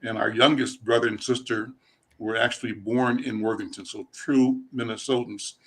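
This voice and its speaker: A man's voice: mid-range voice, fairly even intonation, normal speed, fairly bright tone. Older male talk show host. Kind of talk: interview.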